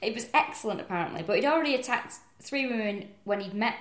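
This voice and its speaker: A woman's voice: on the high side, quick pace. A young woman co-hosting a comedy podcast, joking around and recounting case details. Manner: animated, jokey, recounts case facts. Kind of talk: casual comedic chat. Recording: roomy echoey podcast room.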